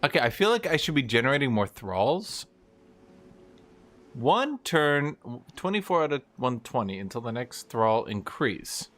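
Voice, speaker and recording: Young male streamer, unhurried casual commentary, wry and animated. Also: mid-range voice. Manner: talks to chat, wry, exclaims and trails off. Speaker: game streamer.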